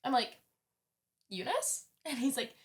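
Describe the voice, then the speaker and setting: Young woman, college student, chatty storyteller, casual and animated, does quick voices for the people in her story. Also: mid-range voice. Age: young adult. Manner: animated, heavy use of "like", acts out quoted voices. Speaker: podcast guest.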